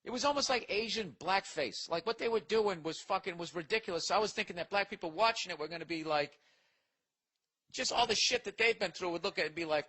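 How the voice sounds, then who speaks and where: A man's voice: sits high, quick pace, pushed and bright, husky, rough recording. A man hosting a comedy podcast, ranting profanely and rambling as he reacts to listener mail. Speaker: podcast host. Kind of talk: casual comedic podcast rant.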